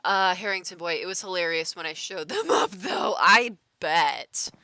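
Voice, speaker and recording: Lower-voiced bright chatty woman gamer. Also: expressive, normal speed, dry recording. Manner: chatty, full of filler "like", laughs often. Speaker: gaming streamer. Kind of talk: casual chat while playing a game.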